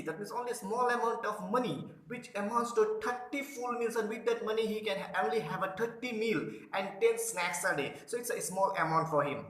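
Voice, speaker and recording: A man's voice: high-pitched, a little fast, few pauses, fairly bright tone. A man teaching literature, explaining a play line by line, paraphrasing each line and often restarting his sentences. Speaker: literature lecturer. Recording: echoey room.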